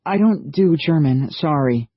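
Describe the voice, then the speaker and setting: A man voicing a gentle young American woman who coaxes and soothes in a soft motherly way. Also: a little high, expressive, a little slow, husky, no echo, dull audio, voice pushed up. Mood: coaxing.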